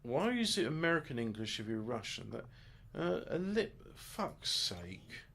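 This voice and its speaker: A man's voice: medium pitch, big pitch swings, unhurried, gravelly, fairly bright tone, a little hiss or hum. A man muttering his way through a game in casual let's play commentary, with crude offhand jokes. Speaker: gamer.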